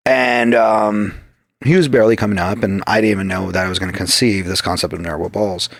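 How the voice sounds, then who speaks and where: A man's voice: medium pitch, vocal fry, no echo, clean studio sound. A man telling stories in a loose, profane podcast chat, often acting out quoted back-and-forth. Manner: swears constantly, acts out quoted exchanges. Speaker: podcast guest. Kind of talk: profane casual storytelling.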